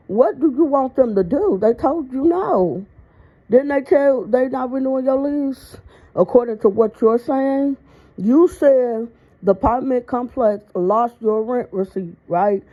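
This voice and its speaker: Sassy woman with a slightly high voice. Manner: sassy, exasperated, talks straight to viewers. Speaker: reaction commentator. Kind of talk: casual reaction commentary. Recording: dull lo-fi sound.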